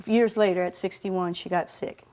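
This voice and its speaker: A woman, a guest in an interview, telling heartfelt personal stories with animated delivery, laughing often and dropping to a soft hush at tender moments. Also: lowish voice, moderate pace.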